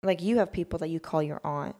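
A woman with a lowish, gravelly voice and plenty of vocal fry, co-hosting a podcast. She talks reflectively in a casual, filler-heavy way. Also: fast talker, dark tone. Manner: reflective, heavy use of fillers like "like" and "you know". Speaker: podcast co-host. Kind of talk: casual chat.

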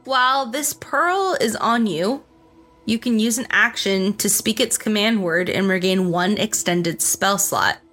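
A woman running a tabletop game as game master, briskly narrating scenes and explaining rules. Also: medium pitch, a bit bright.

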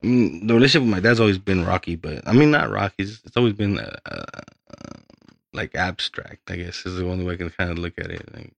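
A man's voice: low-pitched, very animated, fast talker, vocal fry, no room sound. A young man, a podcast guest, telling his story in a rambling, casual way with lots of swearing.

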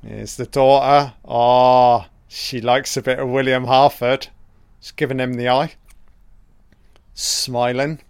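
Guy drawling slowly through a movie commentary, swears a lot, smooth clear voice. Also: mid-range voice, flat delivery, dry recording. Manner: profane, chatty reactions to the screen. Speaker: film commentator. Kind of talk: casual film watch-along commentary.

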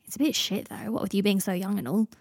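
A dramatic, sulky young wizard, posh and gloomy, his lines tumbling out sharp-tongued, as a woman reads him aloud. The tone sits dark and mellow, slightly husky, close and dry with no room sound. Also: medium pitch, fairly even intonation, fast talker, no room sound. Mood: fretful.

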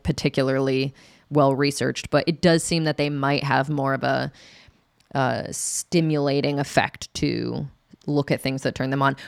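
A woman's voice: low voice, creaky, no room sound, studio quality. A woman explaining sex and attraction in a candid, chatty way as an educator, acting out quotes with laughs. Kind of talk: casual educational talk to camera.

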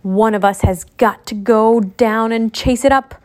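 A woman's voice: a little high, steady tone, unhurried, darkish tone, close to an everyday voice. A woman voicing a flustered elderly male dwarf leader who keeps jumbling his words.

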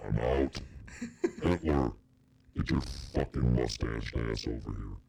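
A man voicing a crude, vengeful male devil through a deep pitch-shifting effect, with a gravelly, profane manner. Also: measured pace, dark tone, exaggerated voice. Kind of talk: comedic improvised impression.

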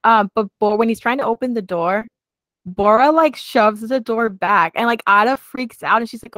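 A woman's voice: fairly high pitch, a little fast, fairly bright tone, no echo. A woman co-hosting a podcast, chatting casually and giggling as she recaps a series, with lots of "like". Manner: chatty, giggly, heavy use of "like". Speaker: podcast co-host.

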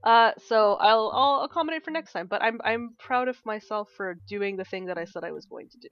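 A young woman co-hosting a podcast, telling a story in a casual, animated way, swearing often and acting out what people said. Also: medium pitch, fairly quick. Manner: animated storyteller, swears a lot, acts out quotes. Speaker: podcast co-host. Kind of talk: casual chat. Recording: dull lo-fi sound.

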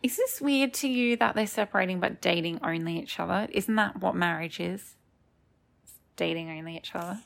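A woman's voice: fairly low pitch, normal speed, vocal fry. A woman co-hosting a podcast, chatting casually with jokey tangents while recapping a reality show. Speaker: podcast co-host.

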